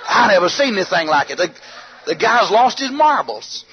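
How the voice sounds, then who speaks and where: A man preaching a storytelling sermon, animated, bursting into shouts and yells as he tells it. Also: high voice, normal speed. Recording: dull lo-fi archive sermon tape with faint hiss.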